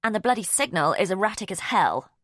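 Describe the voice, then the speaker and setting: A woman's voice: medium pitch, sing-song, brisk, a bit bright, dry recording, clean studio sound. A woman reading an audiobook voices an angry, sullen teenage girl who speaks bitterly and brusquely. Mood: sulky.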